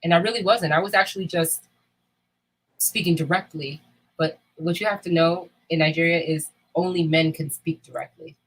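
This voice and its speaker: A woman with a low, husky voice talks in a candid, casual chat. She is blunt and emphatic, and she swears freely as she makes her points. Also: fairly even intonation, moderate pace, low-quality recording. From United States.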